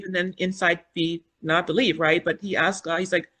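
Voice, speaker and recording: A woman in her fifties, a podcast guest, telling her personal story in an animated, earnest way and acting out the things she and others said. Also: fairly low pitch, fast talker. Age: 50s. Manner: animated, acts out quoted dialogue and inner thoughts; spiritual, earnest. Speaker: podcast guest, foundation founder.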